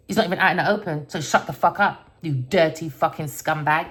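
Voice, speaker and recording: Female tarot reader, low-pitched, combative and profane, alternating muttered asides with shouted outbursts. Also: fairly quick, few pauses. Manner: angry, profane, confrontational, swings from low mutter to loud outbursts. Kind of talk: ranting tarot reading monologue.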